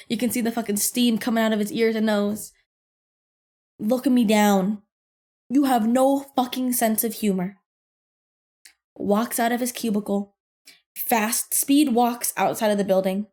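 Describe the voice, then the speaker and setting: A young adult woman hosting a podcast, telling a workplace story in a casual, animated and profane way. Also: on the high side, moderate pace. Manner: animated, profane, laughs through her story. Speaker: podcast host.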